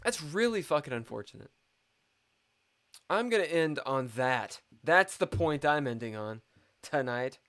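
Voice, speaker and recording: A man's voice: on the high side, animated, a little slow, a bit bright. Frustrated man muttering over a chess game. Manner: frustrated, swearing, self-critical muttering. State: thirsty, dry-mouthed. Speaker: chess streamer. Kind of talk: live chess commentary.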